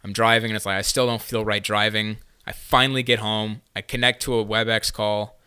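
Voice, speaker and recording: A man's voice: lowish voice, little pitch movement, a little fast, pushed and bright, clear, resonant tone, no room sound, studio quality. A young man telling a long story on a casual podcast, rambling with lots of fillers and swearing. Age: young adult. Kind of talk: casual chat.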